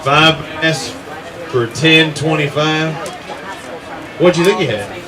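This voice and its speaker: A man's voice: on the high side, slow, low-quality recording. A man, emceeing an outdoor fishing tournament weigh-in, teasing anglers as he calls out names and weights. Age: 60s. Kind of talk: live event emceeing with banter. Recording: crowd chatter behind. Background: crowd.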